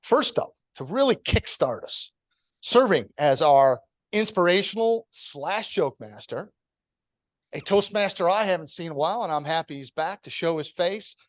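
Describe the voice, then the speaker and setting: A man hosting a public-speaking club meeting, giving an earnest, measured prepared talk before introducing the next speaker. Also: fairly high pitch, animated. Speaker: meeting host.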